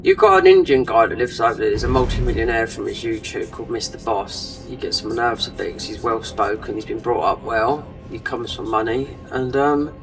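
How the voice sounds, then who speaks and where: A man's voice: mid-range voice, a little fast, hardly any pauses, far from the mic, music in the background, poor audio. A man giving rambling, casual commentary over a game he is playing, trailing off with frequent fillers. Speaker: gaming channel host.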